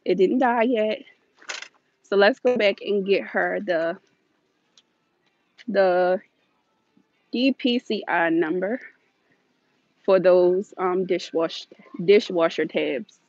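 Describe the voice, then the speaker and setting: A woman's voice: mid-range voice, slow pace, pauses often, a little mellow, no room sound. A woman vlogger chatting casually and a bit scattered while streaming live from inside a large store on her phone. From United States. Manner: chatty, scattered, laughs often. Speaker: shopping vlogger. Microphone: phone held while walking. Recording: dull, dry phone audio.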